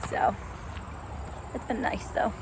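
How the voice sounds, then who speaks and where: A woman's voice: slow, a little hiss or hum. A young woman from upstate New York chatting casually to her camera while she walks a country road, amused and laughing at herself. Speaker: vlogger. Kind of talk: casual vlog narration.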